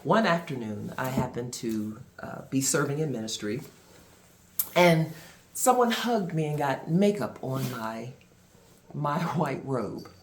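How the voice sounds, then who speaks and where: A man vlogger and minister telling a personal story to camera, with dramatic pauses and expressive delivery. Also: mid-range voice.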